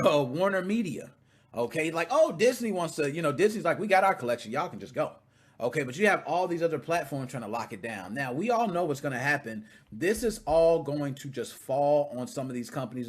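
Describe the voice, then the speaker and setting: A man hosting a casual gaming podcast, ranting animatedly and breaking into shouts when excited. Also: fairly high pitch, husky. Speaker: podcast host.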